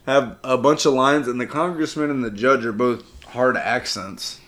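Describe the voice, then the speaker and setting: A man's voice: mid-range voice, moderate pace, a bit bright. A man from the American South co-hosting a comedy podcast, laid-back and casually swearing. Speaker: podcast co-host. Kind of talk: casual chat.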